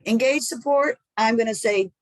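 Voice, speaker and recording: A middle-aged woman giving a training presentation on infant care. She explains in a plain, steady way and now and then drops into soft, sing-song baby talk as an example. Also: fairly high pitch, normal speed, no room sound, poor audio. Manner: plain, explanatory delivery with small restarts. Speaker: early learning trainer.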